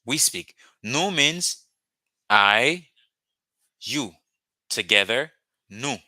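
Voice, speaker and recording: A man's voice: medium pitch, expressive, extremely slow, bright, forceful tone, no room sound. A man, a Creole speaker, teaching a live online language lesson over a video call and patiently repeating words for drilling. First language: Haitian Creole.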